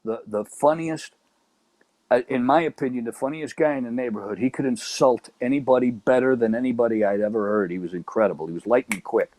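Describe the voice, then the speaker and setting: A middle-aged man from Chicago's South Side, telling old neighborhood stories in a casual, animated chat. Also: mid-range voice, brisk. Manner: animated, acts out quoted voices. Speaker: guest storyteller.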